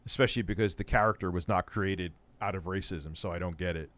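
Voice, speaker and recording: A man's voice: deep voice, quick pace, fairly bright tone. A man hosting an online show, giving casual, sarcastic commentary on clips. He sounds exasperated and swears freely. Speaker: host.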